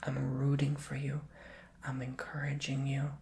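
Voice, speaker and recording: A man with a gravelly, creaky edge to his voice, murmuring and whispering through an ASMR tarot reading. He stays fairly level in tone, speaking gently and encouragingly as he repeats soothing affirmations. A faint hiss sits under his voice. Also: medium pitch, monotone, a little slow. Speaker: tarot reader.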